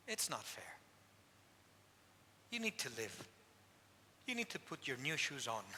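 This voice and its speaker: A man, a priest, preaching a sermon at a penitential service, telling stories with emphatic repetition. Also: on the high side. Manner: emphatic, repeats key phrases, animated storytelling. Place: church. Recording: long church hall reverb.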